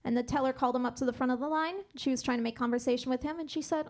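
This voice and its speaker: A woman performing a stand-up set on a comedy club stage, delivering dry one-liners and pausing for laughs. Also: high-pitched, fairly even intonation.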